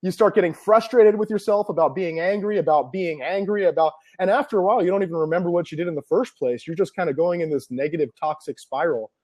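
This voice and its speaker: A man's voice: high-pitched, fast talker, few pauses, a little mellow. A man being interviewed as an NLP trainer, explaining ideas earnestly and piling up examples.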